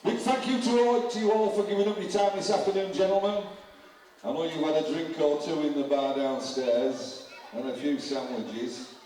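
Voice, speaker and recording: A man announcing over a stadium public address system, reading names and numbers in a steady rhythm with joking asides. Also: a little high, moderate pace, a little hiss or hum. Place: rugby league ground, outdoors. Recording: echoey stadium PA from far off.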